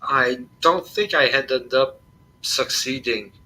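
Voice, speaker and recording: A man's voice: medium pitch, slow, pushed and bright, poor audio. A man playing in a tabletop game, explaining his moves in a dry, matter-of-fact way. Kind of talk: casual game table chat.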